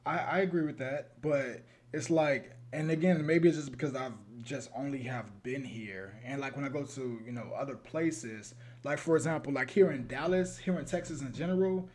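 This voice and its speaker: A man's voice: mid-range voice, normal speed, hardly any pauses, a little mellow. Rambling chicago guy chatting. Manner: rambling, laughing, many restarts. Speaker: podcast co-host. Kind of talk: casual chat.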